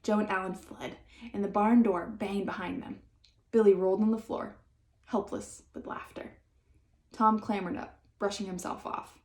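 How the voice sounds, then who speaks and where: A woman reads a children's chapter book aloud with lively, expressive storytelling. Her voice sits mid-range for a woman, and the room gives it a noticeable echo. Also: mid-range voice, normal speed. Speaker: audiobook reader. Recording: roomy echo.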